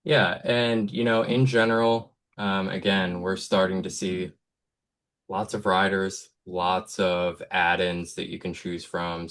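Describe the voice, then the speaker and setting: A man's voice: low voice, fairly bright tone. An American man hosting an insurance study group call, talking casually and thinking aloud with many fillers. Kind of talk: casual webinar discussion.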